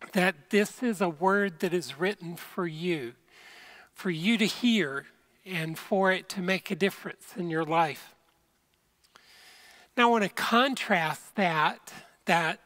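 Pastor talking slow and earnest in a church sanctuary, easygoing sermon, mid pitch. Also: fairly bright tone. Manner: earnest, unhurried, speaks to viewers directly. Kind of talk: conversational sermon.

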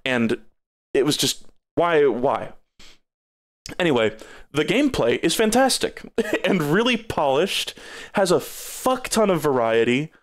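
Guy streamer ranting casual game review, high voice bouncing all over, swears a lot, fed up and sarcastic. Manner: profane, exasperated, sarcastic.

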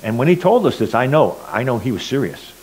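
A middle-aged man gives a personal testimony at church, telling stories earnestly and swinging between loud and quiet. His husky, mid-range voice has big pitch swings and a brisk pace, and the recording is rough.

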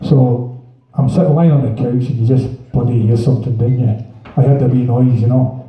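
A man's voice: mid-range voice, steady tone, brisk. A man telling a rambling, swearing anecdote on stage, laughing as he goes. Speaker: guest storyteller. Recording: echoey hall from far off, dull, crowd.

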